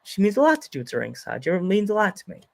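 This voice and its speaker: A man's voice: high voice, wildly swooping pitch, fast, gravelly. An American man hosting a podcast in a casual chat, rambling with lots of fillers and frequent giggles. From United States. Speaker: podcast host.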